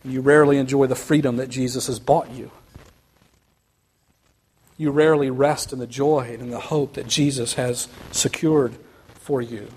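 A man preaching a sermon, speaking earnestly and building to quick, emphatic runs. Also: medium pitch, fairly even intonation, darkish tone, breathy edge. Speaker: pastor.

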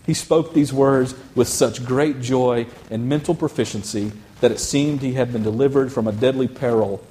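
A man preaching, reading a story aloud to his congregation in an earnest, measured way and then leading a prayer. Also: medium pitch, steady tone, mellow, low-quality recording.

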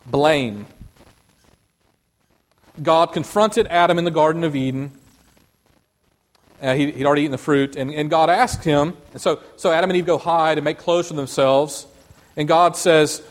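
A man preaching a sermon, animated, acting out the voices of biblical figures as he goes. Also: fairly high pitch, unhurried, pauses often. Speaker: pastor.

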